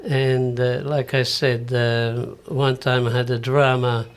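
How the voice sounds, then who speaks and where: A man's voice: medium pitch, little pitch movement, takes it slowly, clear, resonant tone. Older Maltese-accented man telling stories. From Malta. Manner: storytelling, acting out quoted dialogue. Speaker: entertainer and singer. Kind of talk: casual radio interview.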